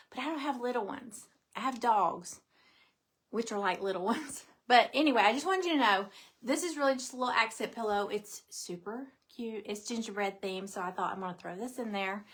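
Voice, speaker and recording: A woman's voice: fairly high pitch, fairly bright tone. A middle-aged woman, hosting a casual craft live stream, chatty and bubbly, greeting viewers by name.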